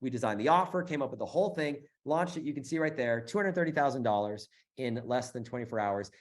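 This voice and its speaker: A middle-aged man hosting a live sales webinar, pitching emphatically with repeated phrases and frequent fillers. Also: lively intonation, quick pace. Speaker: webinar host selling a business bootcamp.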